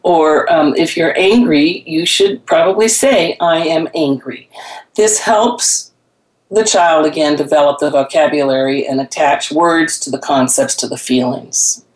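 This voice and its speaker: A woman's voice: low-pitched, measured pace, roomy sound, low-quality recording. A woman hosting a casual talk show, chatting conversationally and giving parenting advice. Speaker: host. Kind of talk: casual chat.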